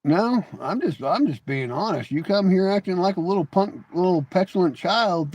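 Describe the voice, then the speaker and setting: A man hosts a casual live stream and talks back to his viewers in chat. His voice sits a bit high, and he teases and mocks the people writing in. He laughs often and stumbles through repeated words as he gets going. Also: a little hiss or hum.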